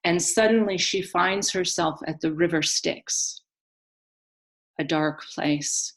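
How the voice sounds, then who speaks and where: A woman telling a myth in a slow, solemn, dramatic storytelling manner. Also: on the low side. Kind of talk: mythic storytelling.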